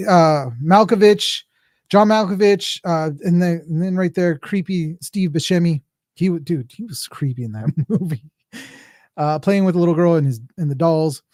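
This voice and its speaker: A man's voice: a little high, darkish tone, dry recording, clean studio sound. A man in his forties, hosting a podcast and chatting casually about movies in a rambling, joking way with many restarts. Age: 40s. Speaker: podcast host.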